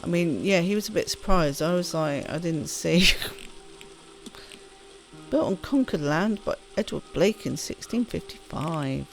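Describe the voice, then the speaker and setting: A woman's voice: fairly low pitch, lively intonation, measured pace. A woman casually commenting on a game she is playing, chatty and self-deprecating as she reads the on-screen text aloud. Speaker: gaming streamer. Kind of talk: casual let's-play commentary. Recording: voice over clear game music.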